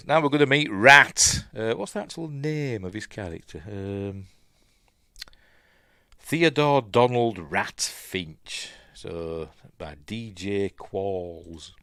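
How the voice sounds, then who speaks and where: A man's voice: lowish voice, fairly bright tone, no echo, clean studio sound. Rambling Yorkshire man recapping a film. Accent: Yorkshire English. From Yorkshire, England. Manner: rambling, self-deprecating, lots of fillers and asides. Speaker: podcast host reviewing films. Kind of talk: casual movie recap and commentary.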